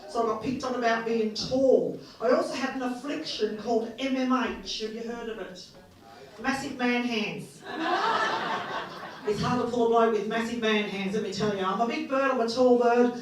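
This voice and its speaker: A woman's voice: a little high, moderate pace. A woman doing a bawdy, self-mocking stand-up comedy set on stage, born in England and raised in Australia. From born in England, grew up in Australia. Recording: roomy live venue from a distance, audience laughter.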